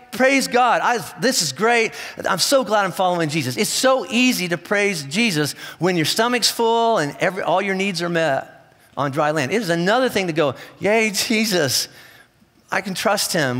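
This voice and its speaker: Animated high-voiced pastor in a reverberant hall. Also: male voice. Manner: animated storytelling with playful asides and acted-out voices. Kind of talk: sermon. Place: large church hall. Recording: church hall with long reverb.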